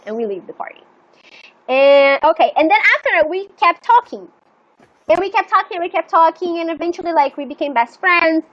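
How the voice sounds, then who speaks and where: High-voiced young woman, chatty and rambling. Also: fairly quick. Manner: rambling and animated, full of "like" and swearing. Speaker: live streamer. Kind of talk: casual storytelling chat. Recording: slightly muffled lo-fi stream audio.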